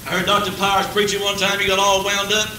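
Folksy high-voiced preacher in an echoey church. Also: male voice, monotone, fast talker, sharp tone. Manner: folksy, humorous, chuckles often, builds to fervent peaks. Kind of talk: folksy revival sermon. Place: church service. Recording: old echoey church tape from a distance, faint hiss.

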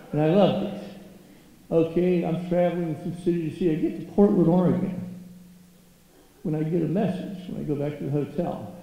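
A man's voice: on the high side, creaky. A man giving a humorous, self-mocking keynote talk at a stage microphone in a large hall. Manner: self-mocking, comic timing. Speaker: keynote speaker. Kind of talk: humorous storytelling speech. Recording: echoey hall, dull lo-fi sound.

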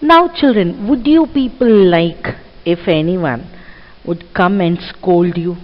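A woman teacher, explaining a reading passage to children slowly and asking them questions. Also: on the low side, very animated. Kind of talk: classroom reading lesson. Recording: muffled audio with long reverb.

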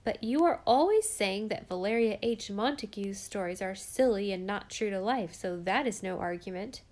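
A woman reading the lines of a prim, bossy teenage girl who speaks in a sharp, reproving way. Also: a little high, fairly even intonation, normal speed, lightly acted. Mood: retorting. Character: prim bossy girl, fifteen-ish, scolding.

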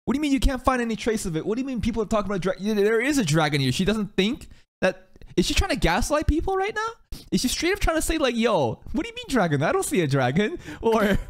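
A man's voice: very high voice, very animated, quick pace. A man reacting live to an anime as a streamer, laughing often, teasing the characters and swearing freely. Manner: teasing, mock-outraged asides. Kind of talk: casual live reaction commentary.

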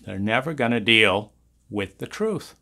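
Intense man in a slow, impassioned monologue. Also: lowish voice, animated, vocal fry, pushed and bright. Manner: intense, profane, repetitive emphasis. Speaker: trauma recovery teacher.

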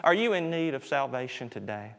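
A man preaching a sermon, rising on his appeals and dropping low and soft at the ends of phrases. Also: big pitch swings, a little fast, creaky, in a large hall. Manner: swells in pitch and loudness on appeals, drops low and soft on closing words. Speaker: pastor.

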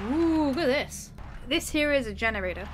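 A woman's voice: high-pitched, lively intonation, normal speed, music in the background. A woman narrating gameplay in a playful, giggly way, reading signs aloud and slipping into character voices. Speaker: gameplay video creator.

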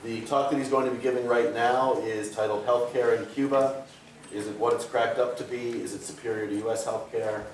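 A man's voice: medium pitch, steady tone, brisk. A man introducing a guest speaker at a university event, formally reading out his credentials. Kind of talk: read-out introduction. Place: lecture hall. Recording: distant mic in a very echoey hall, noisy.

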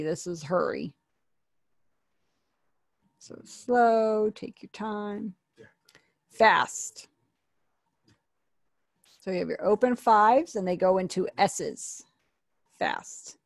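A woman's voice: mid-range voice, lively intonation, slow, long pauses, dry recording, studio quality. A woman teaching an online sign language class, patiently explaining and repeating each word.

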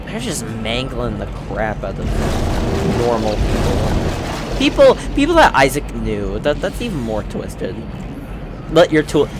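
A man's voice: mid-range voice, noisy background. A young man doing casual, joking gaming commentary, swearing and laughing at himself. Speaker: let's play gamer.

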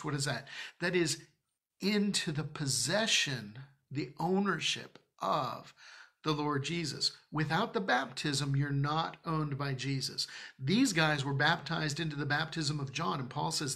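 Male preacher, church sermon, gravelly, conversational and emphatic. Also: fairly high pitch, normal speed, bright, forceful tone. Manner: conversational, emphatic, self-addressing asides. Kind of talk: Bible-study sermon.

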